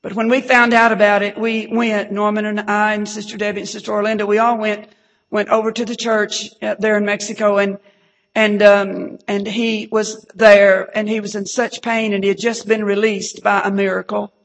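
Gravelly-voiced woman preaching in a reverberant hall. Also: mid-range voice, level tone, normal speed. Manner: fervent, repeats hallelujah, drops to a hush at times. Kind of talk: emotional preaching testimony.

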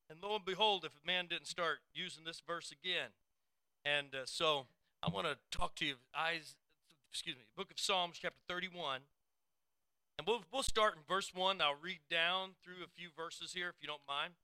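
A man preaching a sermon, chatting in a rambling, folksy way before reading scripture slowly in a raised voice. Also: a little high, bright, forceful tone, smooth, no echo, poor audio. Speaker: pastor.

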